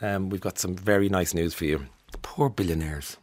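Husky wry morning radio man. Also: deep voice, normal speed, darkish tone. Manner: chatty, wry, laughs through stories. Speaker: radio host. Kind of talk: morning radio news chat.

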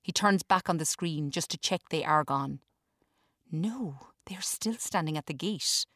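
Low, even woman reading a story. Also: unhurried, no room sound, clean studio sound. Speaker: author reading her story. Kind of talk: scripted storytelling narration.

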